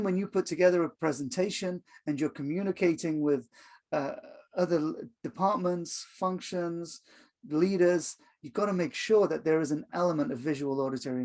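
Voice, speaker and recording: Gravelly-voiced man teaching a video lesson. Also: on the high side, a little mellow. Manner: conversational, with many fillers and acted-out examples. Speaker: HR communication coach. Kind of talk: online course video lesson.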